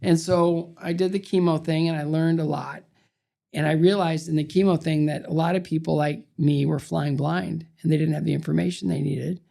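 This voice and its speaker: Gravelly older man telling stories. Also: fairly high pitch, moderate pace. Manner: animated storyteller, acts out quoted voices. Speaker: interview guest, former figure skater. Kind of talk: storytelling in conversation.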